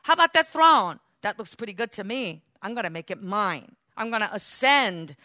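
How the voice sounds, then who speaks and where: A woman's voice: very animated, normal speed, pushed and bright, no echo, studio quality. A woman voicing a boastful male fallen angel in a Bible lesson, raising her voice to sound self-important. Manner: self-important, exclaiming, raised pitch and volume.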